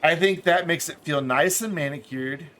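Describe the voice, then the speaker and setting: A man streaming a city-building game, thinking aloud in relaxed commentary with small asides. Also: fairly high pitch, moderate pace.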